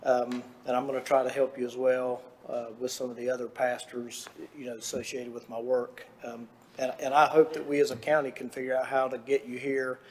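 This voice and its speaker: Board member, man, earnest and monotone, with some hesitant ums. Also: medium pitch, slight background noise. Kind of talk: comment at a public meeting. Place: county board meeting room.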